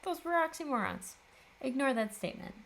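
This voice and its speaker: Gravelly-voiced woman chatting while crafting. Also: high voice, animated, a little fast, a bit bright, a little hiss or hum. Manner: chatty, self-mocking, laughs often. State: tired. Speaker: papercraft video host. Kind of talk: casual chat while crafting.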